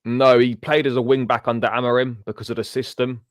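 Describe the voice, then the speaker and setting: A man's voice: medium pitch, little pitch movement, fairly quick, dry recording, studio quality. A man, co-hosting a casual fan livestream, matter-of-fact and explaining things. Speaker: fan channel co-host.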